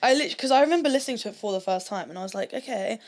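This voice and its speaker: A British woman hosting a podcast in casual chat, animated and quick to laugh and apologize. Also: mid-range voice. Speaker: podcast host.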